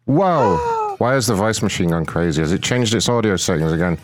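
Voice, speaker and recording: A man's voice: lowish voice, huge pitch swings, brisk. A man hosting a prank call livestream, chatting casually, swearing and laughing as he jokes. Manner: profane, laughing, joking. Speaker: host of a prank call show.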